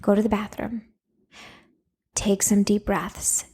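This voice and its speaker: A woman's voice: medium pitch, little pitch movement, takes it slowly, mellow, husky. A woman hosting a Christian parenting podcast, giving practical advice in a casual, encouraging way with frequent fillers. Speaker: podcast host, anger coach for moms.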